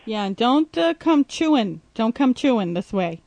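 A woman's voice: fairly high pitch, sing-song, moderate pace, a little mellow. A woman hosting a frank, casual chat, talking bluntly and teasing. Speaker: host.

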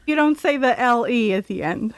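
A woman's voice: fairly high pitch, expressive, moderate pace, dry recording. A woman hosting a casual talk show, ranting and chatting with plenty of filler words. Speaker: host. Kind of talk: casual opinion chat.

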